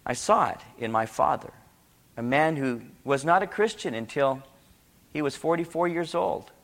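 A middle-aged pastor preaching a sermon, moving from hushed storytelling to impassioned, emphatic appeals. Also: male voice, on the high side, moderate pace, gravelly.

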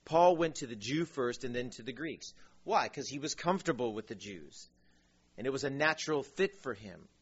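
Joking pastor preaching a sermon. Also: male voice, mid-range voice, moderate pace, husky, lo-fi sound. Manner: animated storytelling, acts out voices, joking asides.

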